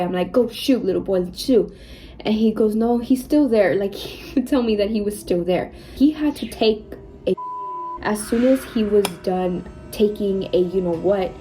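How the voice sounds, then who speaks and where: A young beauty vlogger with a warm, medium-pitched voice shares personal experiences while putting on makeup, constantly using "like" and "you guys." The recording is rough, with slight background noise.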